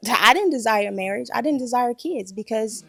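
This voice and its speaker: Gravelly woman fighting back tears. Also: a little high, lively intonation, moderate pace, a bit bright. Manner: emotional, confessional storytelling. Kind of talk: candid group conversation.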